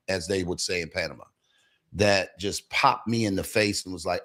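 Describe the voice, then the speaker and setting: A man's voice: on the low side, expressive, fairly quick, a bit bright. A man hosting a casual morning show over a video call, bantering and teasing in a folksy, playful way. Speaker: host.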